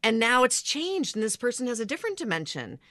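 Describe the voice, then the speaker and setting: A woman's voice: on the high side, huge pitch swings, fast talker, bright, forceful tone, no room sound, studio quality. A woman hosting a radio interview, talking in a thoughtful, reflective way. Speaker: host. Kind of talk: conversational interview.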